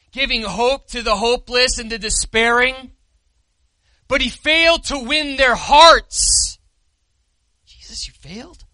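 A man preaching a sermon, swinging from loud declarations to soft, intimate appeals to the listeners. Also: very high-pitched, no room sound. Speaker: pastor.

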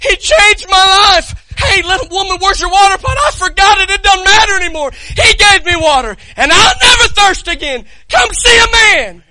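Casual: preacher doing an overjoyed well woman, way higher voice, yelling happy. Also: animated, normal speed, hardly any pauses, no room sound, heavily acted, low-quality recording. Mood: ecstatic. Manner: shouting, breathless with joy.

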